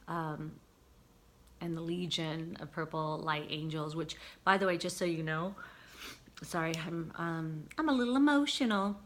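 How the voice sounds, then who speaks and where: A woman vlogger talking casually about spiritual healing, earnest and searching, with frequent pauses and fillers. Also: sits low, a bit bright, a little hiss or hum.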